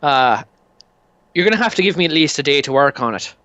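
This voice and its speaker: A man's voice: a little high, animated, a little fast, bright, forceful tone, dry recording, muffled recording, voice pushed up. A man voicing a polite, fussy middle-aged gunsmith in a tabletop game. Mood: courteous. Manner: polite, precise, shop-talk.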